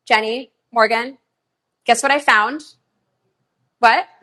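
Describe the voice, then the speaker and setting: A middle-aged woman hosting a live online shopping show, chatting in a bubbly, gushing way and running quick countdowns between items. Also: fairly high pitch, steady tone, sharp tone.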